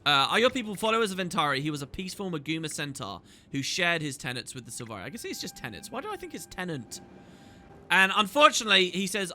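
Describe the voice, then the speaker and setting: Bright-voiced man narrating gameplay. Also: a little high, sing-song, fast talker, slight background noise. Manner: chatty, enthusiastic, reads dialogue aloud. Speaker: gaming video host. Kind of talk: casual gameplay commentary. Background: faint game music.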